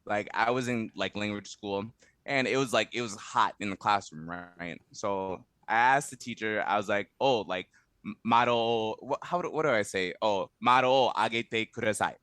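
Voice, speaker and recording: A man being interviewed in a casual conversation, relaxed and quick to laugh, with many fillers and restarts. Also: fairly low pitch, smooth, no echo. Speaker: interview guest, translation company head.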